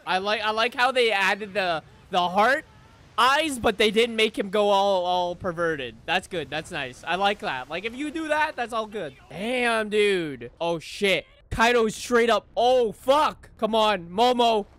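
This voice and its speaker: A young man reacting to an anime episode, swearing freely and shouting with excitement. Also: high-pitched, unhurried. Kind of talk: live reaction commentary.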